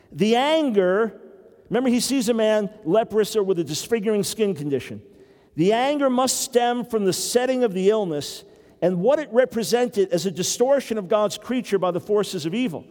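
A man's voice: sits high, a little mellow, long reverb tail. An older man, a grandfather, preaching a sermon earnestly with wry humor. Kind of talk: sermon teaching.

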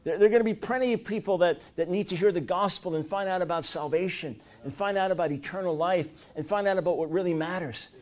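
A middle-aged man preaching a sermon, telling stories in an animated way, with loud high bursts when he acts out what people said. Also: fast talker, hardly any pauses. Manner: animated storytelling, rising to loud high-pitched bursts when acting out quotes.

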